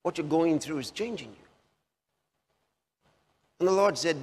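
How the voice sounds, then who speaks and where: A man preaching a sermon, slow and emphatic, repeating key phrases for effect. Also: on the high side, animated, slightly rough, big-room sound.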